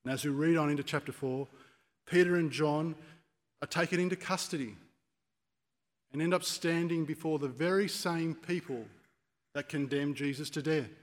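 A man's voice: fairly high pitch, moderate pace, pauses often. A man preaching a sermon, telling stories and acting out quoted speeches with rising force. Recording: long church reverb.

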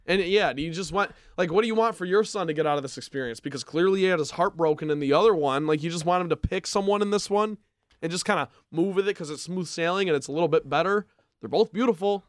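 A man's voice: fairly high pitch, quick pace, no echo, studio quality. A young man co-hosting a casual reality TV podcast, opinionated and teasing. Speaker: podcast co-host. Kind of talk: casual chat.

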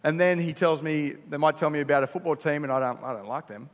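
A man's voice: on the high side, fast talker, muffled recording. Australian male pastor preaching in a hall. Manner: conversational, emphatic preaching with asides. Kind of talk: sermon. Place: church hall. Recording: church hall reverb.

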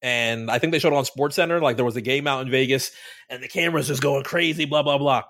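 A man from Florida co-hosts a podcast, telling a story in loose conversation while swearing and acting out his own reactions. His voice sits in the middle range, a bit bright, and he talks quickly.

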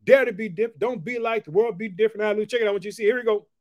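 Male preacher, high-pitched, informal and emphatic, repeats catchphrases, reads verses slowly. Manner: swings between loud declarations and hushed asides; slows down to read scripture. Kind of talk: informal devotional Bible teaching.

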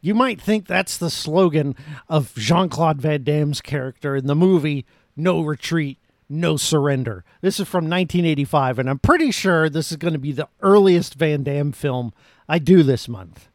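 A man's voice: a little high, normal speed, no room sound, clean studio sound. A man hosting a podcast, reviewing a movie in a casual, rambling, self-mocking way. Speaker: podcast host.

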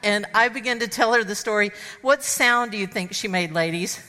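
A woman speaker telling a funny personal story to an audience of women, animated and acting out the dialogue. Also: mid-range voice, normal speed. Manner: animated, acts out dialogue and sound effects. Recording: long hall reverb.

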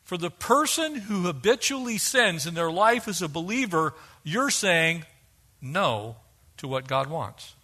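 A man preaching a sermon, animated and fond of acting out quoted voices. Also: on the high side, unhurried, breathy edge. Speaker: pastor.

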